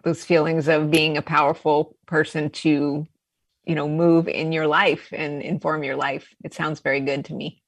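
A woman's voice: sits low, little pitch movement, moderate pace, no room sound. A woman appearing as a guest therapist, answering questions in an earnest, explanatory way. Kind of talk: interview answers.

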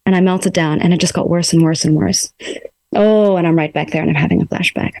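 A woman coaching listeners through emotions in a gentle, coaxing self-help talk, speaking her self-talk aloud from a room in her home. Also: on the low side, steady tone, brisk.

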